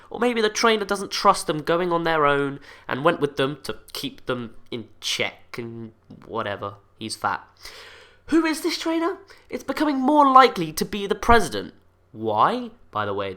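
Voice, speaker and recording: A man hosting a casual video, talking through fan theories with jokey asides that drop into low mumbles. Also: pushed and bright. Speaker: video host.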